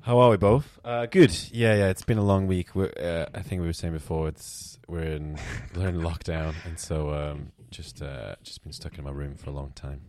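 A man's voice: extremely low pitch, little pitch movement, moderate pace, few pauses, a little mellow, no room sound. A man in his twenties, a podcast guest, chatting casually with jokes and self-deprecating asides. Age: 20s.

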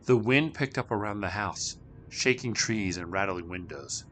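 A man's voice: lowish voice, moderate pace, fairly bright tone, a little hiss or hum. A man narrating a scripted horror story, acting out each character.

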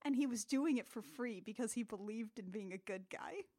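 A woman hosting a casual comedic podcast, recapping a film as an animated storyteller who laughs often. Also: on the high side, a little fast.

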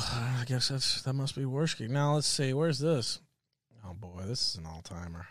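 A man's voice: mid-range voice, expressive, moderate pace, fairly bright tone, dry recording, clean studio sound. A man hosting a live stream, mocking a clip with crude, sardonic commentary. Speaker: stream host reacting to clips.

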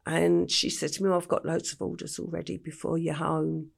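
Older English woman, guest; gravelly, husky voice; unhurried, flat-toned storytelling. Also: sits low. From England. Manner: slow, matter-of-fact retelling with quoted dialogue. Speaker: interview guest. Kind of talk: storytelling in a podcast interview.

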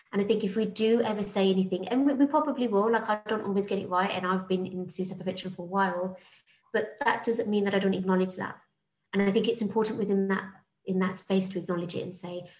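A woman's voice: lowish voice, darkish tone, roomy sound, low-quality recording. A woman with a British accent who works in suicide prevention, speaking earnestly in a podcast conversation and repeating words as she starts a thought.

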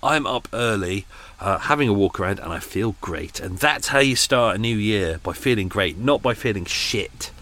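A man's voice: fairly low pitch, animated, moderate pace, few pauses, sharp tone, slight background noise. A man hosting a podcast, chatting unscripted and rambling, swearing and poking fun at himself. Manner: rambling, sweary, self-mocking. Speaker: podcast host. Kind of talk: unscripted casual monologue. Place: on a narrowboat in London.

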